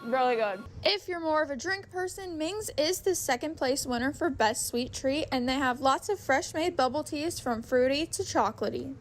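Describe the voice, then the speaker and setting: A young woman reporting for student news in a bright, chatty way. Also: sits high, normal speed, a little hiss or hum. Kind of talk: upbeat field report.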